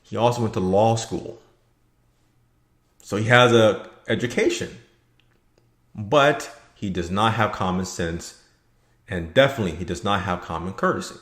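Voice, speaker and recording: A man's voice: lowish voice, a bit bright. A man giving blunt, rambling opinion commentary for his video channel. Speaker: vlogger. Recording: echoey room.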